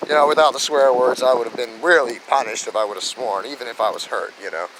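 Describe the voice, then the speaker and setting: Man, average pitch, casual rambling storyteller outdoors, light wind in the background. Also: quick pace, fairly bright tone, poor audio. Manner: rambling, with lots of "you know" fillers and restarts.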